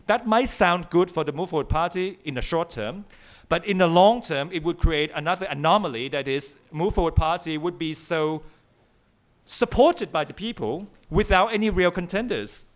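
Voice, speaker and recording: A man from Thailand speaking as a panelist in a measured, analytical way. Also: sits high. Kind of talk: panel discussion remarks.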